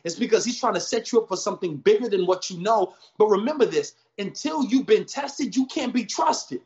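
High-voiced man preaching with slangy energy. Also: brisk, muffled recording. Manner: energetic, slangy storytelling with emphatic repeated phrases. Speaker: pastor guest. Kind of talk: preaching in a podcast conversation.

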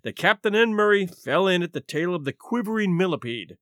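A man narrating a classic short story aloud with an expressive, theatrical reading. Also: high voice, fairly quick, no echo, studio quality. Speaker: narrator and podcast host.

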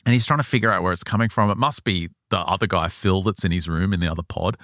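A man's voice: low voice, fast talker, no room sound, studio quality. A man hosting a podcast, casually retelling a story and voicing the people in it. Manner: relaxed, retells a story with quoted voices. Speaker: podcast host. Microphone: studio mic.

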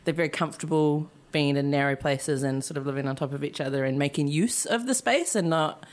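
A woman's voice: deep voice, brisk. A woman chatting casually on a podcast, thoughtful and wry, with a dry sense of humor. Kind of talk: casual chat.

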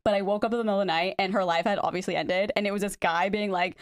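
A woman's voice: medium pitch, fairly even intonation, very fast, no echo, studio quality. A woman co-hosting a podcast in casual chat, giggly and chatty, reading out facts. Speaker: podcast co-host.

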